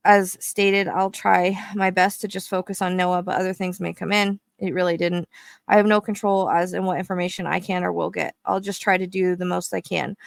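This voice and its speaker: Female psychic host with a fry-tinged voice, reading her notes aloud at a fast clip. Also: fairly low pitch, no room sound. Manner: fast-talking, explains at length with many restarts.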